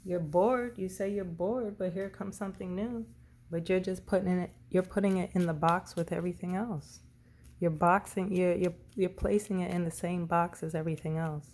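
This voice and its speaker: A woman's voice: lowish voice, steady tone, normal speed, a little mellow. A woman doing a casual tarot reading, rambling and often correcting herself. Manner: rambling, self-correcting, tongue-tied. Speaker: tarot reader.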